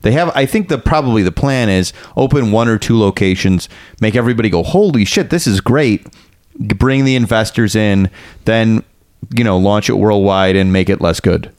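A man's voice: lowish voice, moderate pace, a little mellow, clear, resonant tone, no room sound, studio quality. A man co-hosting a podcast, joking and chatting casually with hesitant restarts. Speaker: podcast co-host. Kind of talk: casual chat.

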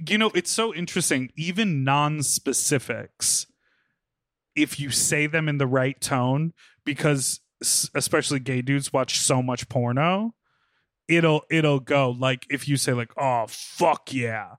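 A man with a somewhat high voice co-hosts a podcast, telling frank stories and laughing easily. The sound is dry and close, with no room around him. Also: a little slow, fairly bright tone, no room sound. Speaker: podcast co-host. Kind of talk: casual podcast chat.

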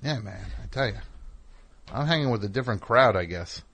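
A man's voice: medium pitch, lively intonation, fairly quick, a bit bright. A middle-aged man hosting a call-in radio show, telling rambling, wry, self-deprecating stories and chatting with callers. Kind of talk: casual monologue and call-in chat.

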